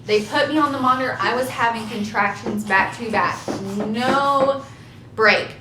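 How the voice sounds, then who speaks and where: A young woman casually telling her labor story to camera, chatty and animated, laughing at herself now and then. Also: unhurried. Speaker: vlogger. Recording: echoey room with faint rumble.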